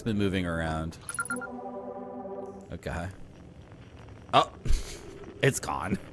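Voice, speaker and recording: Lively low-voiced man streaming a game. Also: slow, pauses often. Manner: chatty, laughs often, sudden excited outbursts. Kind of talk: live gameplay commentary. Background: game music.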